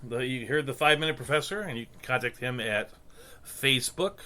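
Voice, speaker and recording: Bright-voiced man, rambling podcast chat. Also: mid-range voice. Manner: rambling, halting restarts, deadpan joking. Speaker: podcast co-host. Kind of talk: casual chat.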